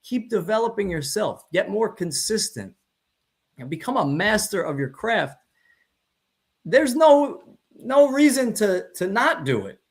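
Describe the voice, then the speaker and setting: A man's voice: high-pitched, slightly rough. A man, a chiropractor, giving a motivational talk to fellow chiropractors and stressing his points by repeating phrases.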